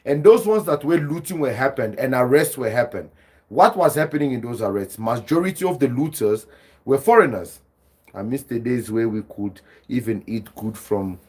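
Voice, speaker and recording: He's a South African podcast host on a livestream, reading viewer chat and addressing everyone as "guys" in an animated, laughing way. The voice is mid-range and husky.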